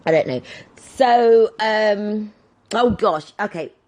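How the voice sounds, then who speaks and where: In a slow-paced, mid-range voice, a woman in her thirties tells casual stories on her podcast as its host. She livens up her storytelling monologue by acting out the voices of the people in her anecdotes.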